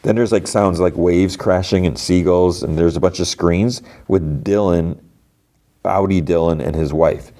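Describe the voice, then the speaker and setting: A man's voice: low-pitched, fairly even intonation, unhurried, mellow. A man hosting a podcast, casually retelling a TV episode in a rambling way, full of "like" and acted-out quotes. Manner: rambling, heavy use of "like", acts out quotes. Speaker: podcast host. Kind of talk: casual movie and TV recap.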